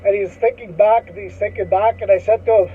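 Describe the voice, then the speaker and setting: A man's voice: high voice, steady tone, brisk, slightly rough. Canadian guy rambling thru an old school story, laughs a lot, says eh constantly, sounds like a tinny phone line. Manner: rambling, chuckling, tags lines with "eh". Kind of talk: casual anecdote.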